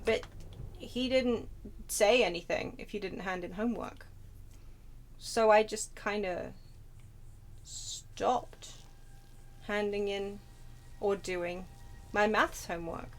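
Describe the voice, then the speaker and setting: A woman's voice: medium pitch, fairly even intonation, slow pace, long pauses. A woman in her thirties with a British accent, chatting casually while streaming a game. She rambles from story to story with self-deprecating asides. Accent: British English. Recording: noisy home stream audio.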